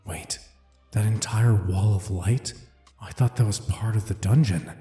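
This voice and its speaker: A man voicing a young male adventurer who shouts urgently in a storybook fight. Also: on the low side, fairly even intonation, measured pace, echoey room, faint music behind, lightly acted. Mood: anxious.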